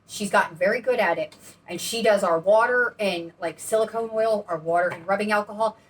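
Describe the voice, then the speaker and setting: The speaker is a woman with a mid-range voice and a slightly fast pace. She's demonstrating paint pouring as co-host of a painting channel, rambling on in a bubbly way, and a distant mic catches her along with faint background noise.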